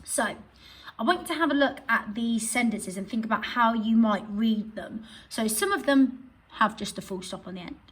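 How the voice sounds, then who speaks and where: Expressive husky-voiced woman teacher. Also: on the high side, low-quality recording. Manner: expressive, reads examples aloud with emphasis. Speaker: primary school teacher. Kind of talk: online grammar lesson for children.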